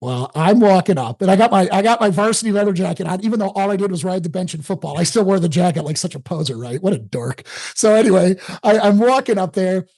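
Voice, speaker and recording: A man in his forties from the Detroit area tells his story as a podcast guest. His voice sits high for a man, and he talks in a lively, self-mocking way. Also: quick pace. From Detroit area, USA. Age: 40s. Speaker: podcast guest, home-selling coach. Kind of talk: casual storytelling interview.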